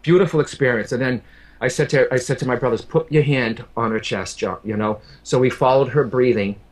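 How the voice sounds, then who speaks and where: Fairly quick and mid-range, this man's voice carries an earnest, emotional personal story. He works as a medium, and he repeats words often while speaking straight to his audience.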